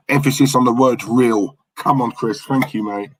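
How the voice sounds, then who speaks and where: A man co-hosts a live football watch-along, with a bright, forceful voice. He chats warmly with viewers and gets worked up at the match. The sound is dry and close. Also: medium pitch, brisk, few pauses, dry recording. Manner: chatty, thanks viewers in the chat, excitable at the match. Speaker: fan channel co-host.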